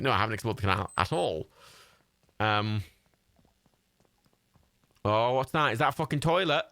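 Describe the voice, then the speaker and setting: A man giving sweary, excitable, rambling commentary while streaming a game live. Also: mid-range voice, vocal fry, no room sound.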